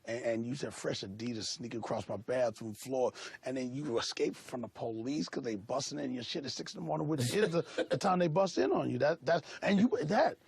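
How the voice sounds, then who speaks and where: Gravelly man, animated interview talk. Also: mid-range voice, a little fast, hardly any pauses, dry recording. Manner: animated, imitates sounds and people. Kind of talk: casual conversational interview.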